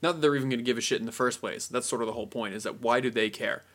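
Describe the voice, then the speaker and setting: Young male co-host, casual and animated, acts out bits mid-talk. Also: mid-range voice. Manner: animated, acts out scenes in quick voices. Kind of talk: casual chat.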